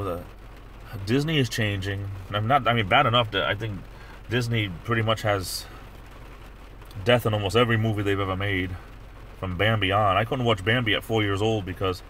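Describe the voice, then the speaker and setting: A man's voice: on the low side, fairly bright tone, slight background noise. A middle-aged man hosting a livestream, chatting casually in a rambling way with many restarts. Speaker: livestream host. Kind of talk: casual chat.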